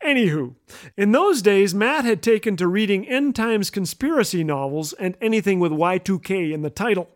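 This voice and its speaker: Wry high-voiced man telling a story. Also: moderate pace. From Canada. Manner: wry storytelling with deadpan jokes. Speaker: radio host. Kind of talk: scripted humorous radio commentary.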